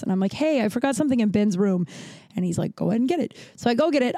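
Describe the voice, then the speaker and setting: A woman in her thirties tells a long personal story on her podcast, wandering off and correcting herself, peppering it with fillers and curses. Her voice is mellow and warm. The sound is dry and close, with no room around it. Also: fairly high pitch, no room sound. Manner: rambling, profane, lots of fillers and self-corrections. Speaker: podcast host. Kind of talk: casual storytelling monologue.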